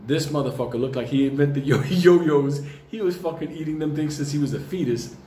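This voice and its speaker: A man tells a comic story in a profane, animated way, laughing often. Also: on the high side, a little fast. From New York. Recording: roomy with faint ambience.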